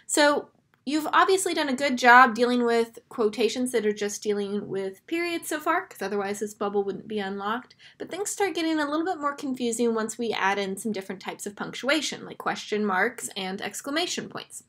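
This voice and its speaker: A woman's voice: fairly high pitch, animated, moderate pace, fairly bright tone. Patient woman teaching a grammar lesson. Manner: patient, explains step by step. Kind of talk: screen-share grammar lesson.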